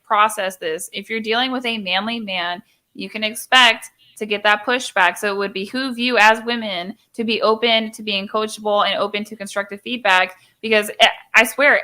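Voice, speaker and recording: A woman's voice: a little high, sharp tone. A young woman hosting a casual live stream chat, talking in an emphatic, opinionated way and acting out little quoted exchanges.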